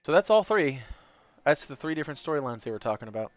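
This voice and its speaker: Playful, lively man commenting on a game. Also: a little high, fast talker, no echo, dull audio. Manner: joking, playful, chatty. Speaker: let's play host. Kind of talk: casual gameplay commentary.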